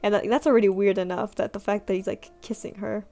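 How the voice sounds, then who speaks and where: A young woman streams while drawing, chatting casually in a mid-range, steady voice at a quick pace. She rambles and pokes fun at herself, filling her talk with fillers, and soft music plays behind her.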